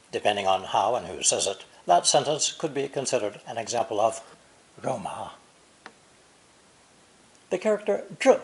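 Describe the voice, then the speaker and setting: A man narrating a recorded language lesson, explaining slowly and deliberately, with example sentences read in Chinese. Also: mid-range voice. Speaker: language teacher.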